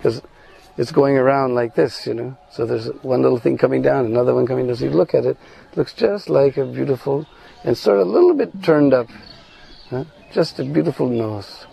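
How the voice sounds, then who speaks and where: A man telling a devotional story, animated, with many asides and fillers. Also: medium pitch, brisk, gravelly, husky, poor audio. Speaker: spiritual storyteller.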